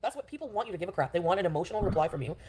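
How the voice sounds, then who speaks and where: A woman talks casually on a livestream and rambles defensively through lots of fillers. Her voice sits a little low, and she speaks quickly. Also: lively intonation, warm tone, a little hiss or hum.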